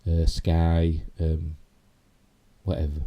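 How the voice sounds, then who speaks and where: A man's voice: rumbling low, completely flat delivery, takes it slowly, dull audio. A middle-aged man with a Yorkshire accent, hosting a casual live stream and rambling chattily with self-mocking asides. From Yorkshire, England. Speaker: YouTube host.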